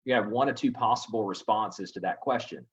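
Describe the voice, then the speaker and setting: A man's voice: on the low side, a little fast, slightly rough. A man hosting a real estate coaching webinar, teaching sales scripts and acting out buyer replies with animation. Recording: dull lo-fi audio.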